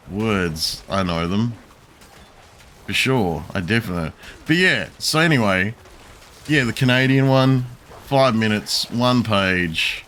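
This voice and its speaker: Low-voiced, slow, rambling guy. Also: fairly bright tone, a little hiss or hum. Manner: rambling, profane, chuckling storytelling. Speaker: streamer. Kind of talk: casual chat while gaming.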